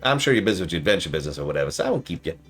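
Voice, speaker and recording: A man's voice: low voice, big pitch swings, very fast, fairly bright tone, soft background music. A man voicing a friendly, folksy woman who runs a diner, reading game dialogue aloud on a stream in a chatty way with country slang.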